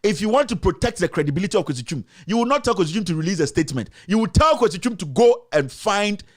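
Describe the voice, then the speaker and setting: A man's voice: sits high, lively intonation, fast. A man hosting a commentary show, mocking and mixing English with Twi. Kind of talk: live commentary.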